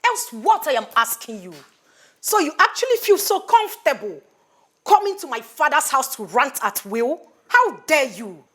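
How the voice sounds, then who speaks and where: A woman's voice: medium pitch, animated, moderate pace, natural voice. An actress with a Nigerian accent playing an obsessed young woman who answers back sharply. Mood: defiant. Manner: defiant and sharp.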